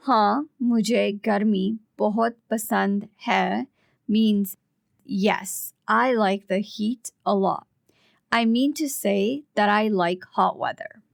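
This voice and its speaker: Woman podcast co-host, patient step-by-step teacher, unhurried delivery with vocal fry. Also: medium pitch, no room sound, studio quality. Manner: patient, explains words step by step. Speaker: Urdu language co-host. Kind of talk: podcast language lesson.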